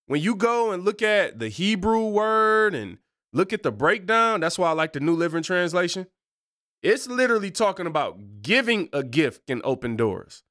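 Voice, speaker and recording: A man's voice: on the high side, sing-song, moderate pace, a bit bright, dry recording, clean studio sound. A married man hosting a casual faith podcast, talking in a loose, slangy way and wandering off on tangents. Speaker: podcast host.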